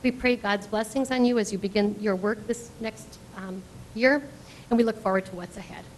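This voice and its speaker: A woman's voice: medium pitch, fairly even intonation, moderate pace, background noise. Woman offering thanks and blessings. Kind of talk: formal thanks at a meeting.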